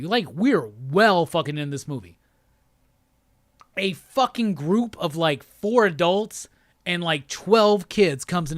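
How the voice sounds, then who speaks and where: A man's voice: high voice, fairly bright tone, no echo, studio quality. A man hosting his show, delivering a profane, exasperated rant with emphatic repetition. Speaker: host. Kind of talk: profane ranting monologue.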